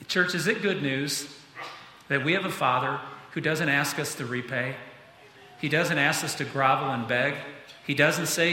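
A man with a high-ish, bright, forceful voice preaches a sermon, earnest and building to emphatic peaks. His voice carries through a roomy church sanctuary with a long, echoing tail. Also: brisk. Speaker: pastor. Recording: echoey hall.

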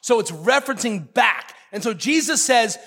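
A man's voice: extremely high pitch, animated, moderate pace, vocal fry, fairly bright tone, slightly rough, long reverb tail. A man preaching a sermon as pastor, emphatic and repetitive, joking with his congregation. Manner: emphatic, repeats key phrases, jokes with the congregation.

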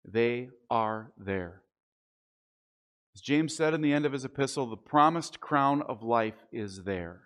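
A man preaching a sermon, earnest and deliberate, slowing down on the key phrases. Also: medium pitch, a bit bright. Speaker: pastor.

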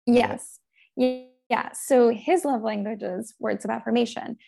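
A chatty woman co-host with a slightly high voice and a gravelly, fry-laden edge. She talks things through casually and acts out little scenes to make her point. Soft music plays faintly behind her. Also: slow. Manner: chatty, explains with acted-out examples. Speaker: guest co-host. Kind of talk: casual chat.

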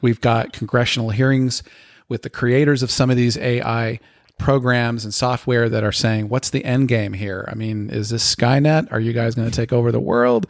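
A man's voice: medium pitch, fairly even intonation, moderate pace, no room sound, clean studio sound. A man co-hosting a casual podcast chat, enthusiastic and prone to repeating words as he talks. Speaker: podcast co-host.

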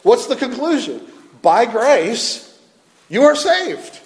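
A man's voice: very high voice, very animated, slow pace, creaky, long reverb tail. A male pastor preaching a sermon emphatically, often repeating his questions and building to fervor.

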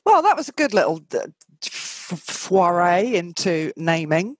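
A woman's voice: fairly low pitch, very animated, unhurried, no echo. A woman hosting a podcast in casual chat, talking easily with trailing asides. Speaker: podcast host.

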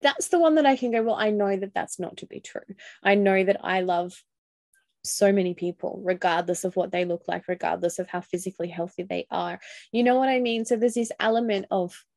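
A woman's voice: fairly low pitch, level tone, a little fast, vocal fry, darkish tone, no echo, studio quality. A woman hosting her own podcast alone, talking in a candid, reflective and casual way with the odd swear word. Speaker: podcast host and coach. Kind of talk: solo podcast monologue.

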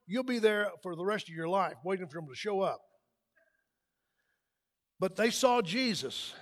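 A man preaching a sermon in a church, building to loud emphatic peaks. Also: sits high. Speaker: pastor. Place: church sanctuary.

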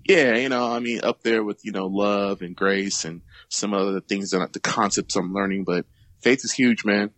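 A man co-hosting a casual podcast about faith, relaxed, repeating himself and ending lines with man or dude. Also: fairly low pitch, normal speed, dry recording. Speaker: podcast co-host.

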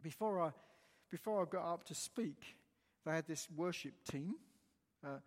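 A man's voice: a little high, a little slow. A man preaching a sermon, telling a story animatedly and retelling the dialogue line by line. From England. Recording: long hall reverb.

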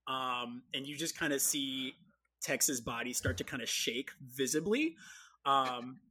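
A woman describing her character's actions in a tabletop game, slowly and playfully. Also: very deep voice, lively intonation, bright, forceful tone, breathy edge. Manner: slow, playful. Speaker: player.

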